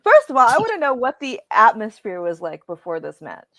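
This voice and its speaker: A woman's voice: on the high side, wildly swooping pitch, a little fast, pushed and bright, dry recording. A woman co-hosting a show in casual chat, telling stories expressively and laughing often. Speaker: co-host.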